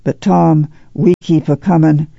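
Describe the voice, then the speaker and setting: A woman reading aloud as a steadfast old farm mother with a drawl, soft and gravelly. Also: deep voice, steady tone, unhurried, no echo, exaggerated voice. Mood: resolute. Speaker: radio reading-service reader. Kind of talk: dramatic radio reading. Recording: dry, slightly muffled studio recording.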